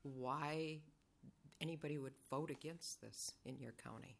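A woman chairing a hearing, questioning a witness in a brisk, matter-of-fact way. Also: sits low, creaky. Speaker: committee chair asking questions. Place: legislative hearing room.

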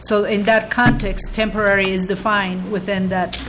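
A woman committee chair running a vote and asking about wording in a brisk, procedural way. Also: mid-range voice, flat delivery, a bit bright, slight background noise. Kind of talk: chairing a hearing. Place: legislative hearing room.

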